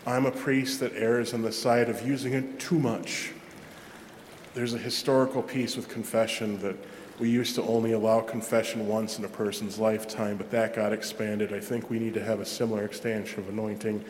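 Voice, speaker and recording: A man, a Catholic parish priest, preaching a sermon in a chatty, self-deprecating way with lively asides. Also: lowish voice, moderate pace, slight background noise. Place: large church. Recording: echoey church with long reverb.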